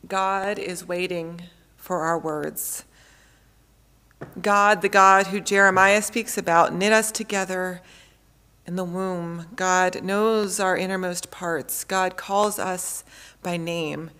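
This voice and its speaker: A woman in her thirties, a pastor preaching a sermon in a measured way, repeating phrases for emphasis. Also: fairly low pitch, steady tone, pushed and bright, smooth.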